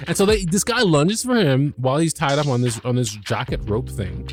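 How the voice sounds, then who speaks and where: A man hosting a review podcast, talking in a loose and animated way. He swears freely, stumbles over restarts and fillers, and has a middle-pitched voice with faint music underneath. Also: moderate pace. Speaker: podcast host. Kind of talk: casual episode recap.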